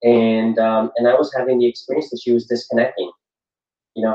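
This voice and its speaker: A middle-aged man talks through his experience at a parenting workshop, earnest and reflective, often repeating phrases for weight. He sits some way off from the mic, so his voice carries a roomy echo. The recording is dull and low in clarity. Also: level tone, a little fast. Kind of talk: workshop talk. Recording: echoey room from far off, dull sound.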